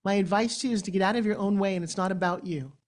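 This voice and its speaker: A woman in her sixties from New York, with a New York accent, giving a motivational keynote speech on stage with dramatic, animated storytelling. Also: medium pitch, rapid-fire. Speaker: motivational speaker. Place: event stage before an audience.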